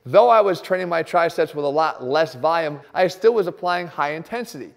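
A man explaining a workout as a fitness coach, talking emphatically and fast. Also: fairly high pitch, lively intonation, vocal fry, long reverb tail. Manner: emphatic and rapid. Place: gym.

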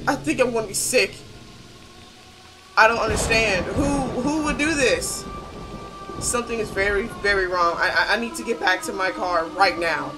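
A woman's voice: medium pitch, normal speed, over music, poor audio. A woman hosting a horror game let's-play, talking casually with viewers and repeating panicked phrases over and over. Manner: casual slangy chatter with viewers. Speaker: gaming channel host.

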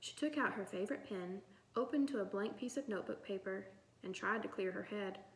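A woman narrating a children's novel in an even storytelling manner. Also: medium pitch, brisk. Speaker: audiobook reader. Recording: roomy echo.

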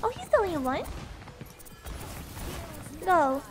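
A woman's voice: very high-pitched, very animated, slow, faint music behind. A young woman streaming a video game, chatting casually and giggling often. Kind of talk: casual gameplay chat.

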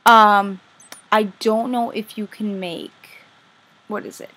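A woman commenting casually on her own game play as a vlogger, chatty and easily excited, gushing over what she finds. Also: mid-range voice, slow. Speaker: gaming vlogger.

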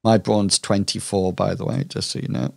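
A man's voice: low-pitched, flat delivery, moderate pace, gravelly, a little mellow, no room sound, studio quality. A man narrating as game master of a tabletop role-playing game, hesitant with many fillers and restarts.

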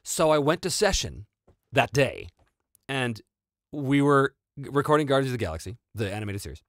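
A North American man hosts a casual Q&A, telling stories with a very lively rise and fall in his voice. He laughs often and interrupts himself as he talks, and the recording is dry and close. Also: mid-range voice, moderate pace, no room sound. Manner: animated, laughing, self-interrupting. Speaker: host and voice actor. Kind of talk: casual livestream Q&A and storytelling.

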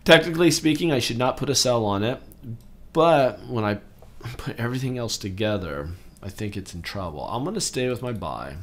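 A man in his forties hosting a trading channel, talking casually through stock charts and getting excitable over big moves. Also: mid-range voice, fairly quick. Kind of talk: casual chart walkthrough commentary.

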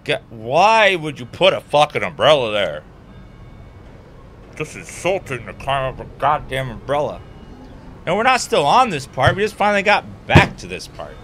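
A young man streaming a frustrating climbing game, swearing a lot and breaking into sudden angry shouts. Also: medium pitch, sing-song, moderate pace, a little hiss or hum. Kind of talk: frustrated gameplay commentary.

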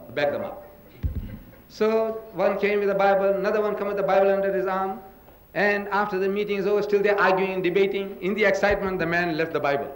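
A man's voice: sits high, a little hiss or hum, low-quality recording. An older man giving a public religious lecture, emphatic and full of rhetorical questions. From South Africa.

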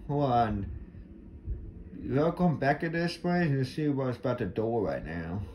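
A man giving commentary while playing a horror game, jumpy and exclaiming loudly when startled. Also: mid-range voice, lively intonation, unhurried, slight background noise. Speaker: gamer.

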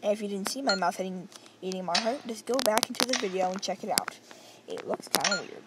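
A woman giving let's-play commentary on a video game, excitable, with silly sound effects and sudden yelps. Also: mid-range voice, brisk. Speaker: gamer. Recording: loud clicking noise.

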